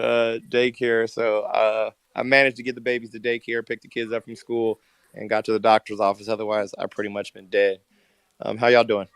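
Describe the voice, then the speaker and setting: A man's voice: mid-range voice, monotone, fairly quick, clean tone, no room sound. A tired man in casual chat on a live audio space, talking in a laid-back, rambling way with many restarts. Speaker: Twitter Spaces speaker.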